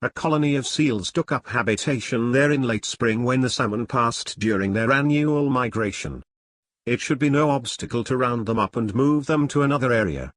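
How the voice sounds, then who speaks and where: A man narrating his own novel in the first person, reading at a measured pace. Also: mid-range voice, a bit bright, no room sound, clean studio sound. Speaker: author and narrator. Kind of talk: audiobook narration.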